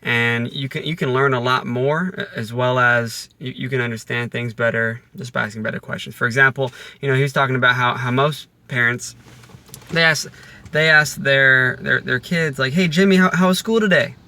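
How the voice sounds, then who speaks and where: Bright-voiced man rambling casually. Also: mid-range voice, fairly even intonation, normal speed, dry recording. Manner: rambling, many fillers and restarts. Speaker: vlogger. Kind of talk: casual vlog talk. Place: car on a rainy day.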